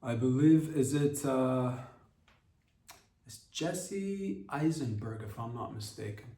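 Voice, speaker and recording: A man's voice: medium pitch, slow, mellow, slight background noise. A man hosting a comedy podcast, rambling and profane in a casual monologue, losing his thread as he talks. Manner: rambling, profane, loses his train of thought. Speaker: podcast host. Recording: roomy, distant from mic.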